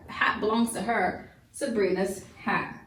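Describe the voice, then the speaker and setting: A woman's voice: mid-range voice, steady tone, measured pace, fairly bright tone. A woman homeschool teacher giving a recorded grammar lesson, chatty and repetitive, often restarting her sentences. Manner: chatty, repeats and restarts, many fillers. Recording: roomy echo, voice from a distance.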